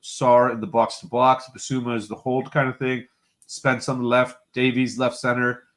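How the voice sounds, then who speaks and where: A man's voice: medium pitch, little pitch movement, moderate pace, fairly bright tone. A man hosting a casual football live stream, reading out viewer comments and bantering with his co-hosts. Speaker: host.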